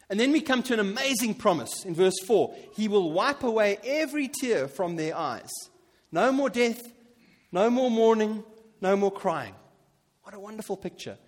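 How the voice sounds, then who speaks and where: A man with a high-pitched voice preaches a sermon in a large hall whose reverb trails after every phrase. He talks with animation, swelling into emphatic peaks and then dropping into soft, conversational asides.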